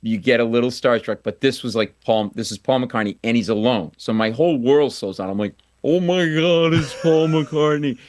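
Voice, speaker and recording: A man's voice: medium pitch, a little fast, few pauses, darkish tone, dry recording. Guy telling a funny story on the radio, self-mocking, does the voices, dry close sound. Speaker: comedian guest.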